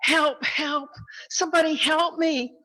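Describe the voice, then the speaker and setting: A woman voicing a panicky man clinging to a cliff branch who shouts and pleads to be saved. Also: sits high, steady tone, moderate pace, poor audio. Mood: yelling.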